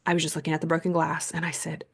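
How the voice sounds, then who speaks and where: A woman's voice: sits low, completely flat delivery, very fast, creaky, husky. A woman hosting a podcast, telling a personal story in a chatty, rambling way full of "like," earnest and reflective. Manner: rambling, chatty, heavy use of "like". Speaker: podcast host and coach. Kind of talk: casual storytelling monologue.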